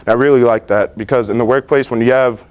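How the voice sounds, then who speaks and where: A late-teen student presents to his class in a school library about his internships, sounding earnest and relaxed. He speaks fast at a medium pitch, with lots of fillers and restarts.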